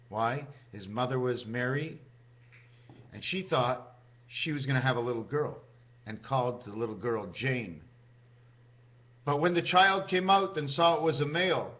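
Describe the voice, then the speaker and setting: A man vlogging in a rambling, free-associating monologue, musing aloud as he goes. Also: mid-range voice. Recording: dull lo-fi recording.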